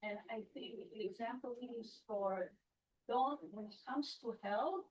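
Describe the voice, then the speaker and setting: A woman speaking up as a student in a Torah class, making her point earnestly with halting phrasing. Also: fairly high pitch, a little mellow, husky, poor audio. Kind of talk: classroom discussion.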